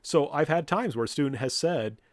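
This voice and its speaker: A man's voice: on the high side, moderate pace, dry recording, clean studio sound. A man, a professor, lecturing students bluntly and directly, now and then acting out what people say. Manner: blunt, direct, with lively mock-quotes.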